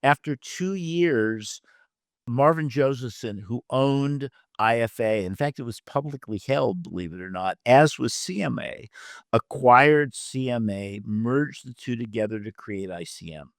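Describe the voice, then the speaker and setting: This older man's mid-range voice is gravelly and measured in pace, recorded at studio quality with no room sound. He's a literary agent and producer guesting on an interview, recounting career stories and playing out the quoted dialogue with liveliness. Fillers and mid-thought restarts keep his telling loose.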